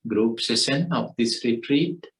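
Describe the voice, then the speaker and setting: Slow gentle man in a roomy echo. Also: mid-range voice, recorded from a distance. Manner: slow, gentle, halting speech with fillers. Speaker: meditation teacher. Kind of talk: retreat group talk over a call.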